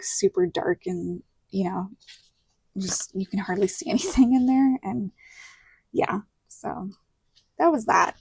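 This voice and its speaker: A woman's voice: medium pitch, creaky, a little mellow, husky, no echo. Chatty Southern woman in her thirties. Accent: Southern American. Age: 30s. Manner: chatty storytelling with lots of likes and quoted dialogue. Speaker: planner vlogger. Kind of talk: casual chat while decorating a planner.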